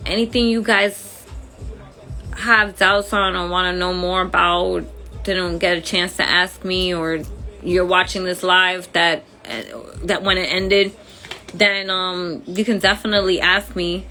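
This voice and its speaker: Bright-voiced woman chatting on a livestream. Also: fairly low pitch, level tone, measured pace, soft background music. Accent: accented English. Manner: chatty, friendly, informal slang. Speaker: livestream host. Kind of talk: casual livestream chat.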